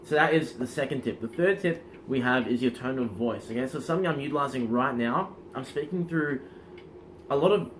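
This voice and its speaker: A man coaching in casual instructional talk, energetic and demonstrative, often checking in with the listener. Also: medium pitch, brisk, slight background noise. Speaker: self-improvement coach.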